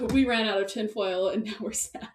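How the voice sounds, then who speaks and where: A woman chatting casually as a podcast co-host, rambling and excitable, laughing often and stacking fillers. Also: on the high side, a little slow, slight background noise. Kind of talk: casual chat. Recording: echoey room, distant mic.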